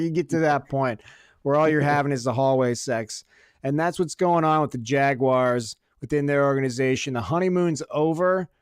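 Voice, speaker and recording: A man with a smooth, resonant voice trades football picks in loose, joking podcast talk. He swears freely and drifts into long anecdotes. The sound is dry and close, with no room around it. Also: medium pitch, dry recording. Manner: profane, joking, storytelling. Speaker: podcast co-host. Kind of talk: casual sports chat.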